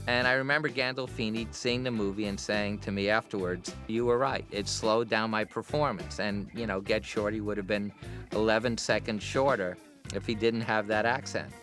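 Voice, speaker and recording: A middle-aged man, a film director, telling relaxed anecdotes in a commentary interview. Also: fairly low pitch, normal speed, soft background music.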